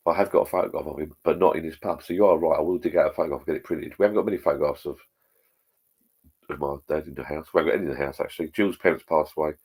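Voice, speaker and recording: A man's voice: very deep voice, rapid-fire, darkish tone, husky. A middle-aged man hosting a live stream, chatting bluntly with plenty of swearing and reading out viewer comments. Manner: blunt, sweary, rambling pub talk.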